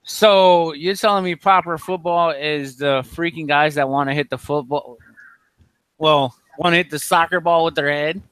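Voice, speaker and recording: A man's voice: fairly high pitch, fairly even intonation, moderate pace, a bit bright, smooth, no room sound. An American man hosting a casual group chat, asking questions in an incredulous tone. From United States. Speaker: host.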